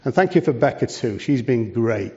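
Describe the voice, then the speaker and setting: A man's voice: mid-range voice, animated, moderate pace, darkish tone. A man, a charity leader giving a preaching talk to a church, conversational and full of rhetorical questions. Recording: dull lo-fi sound.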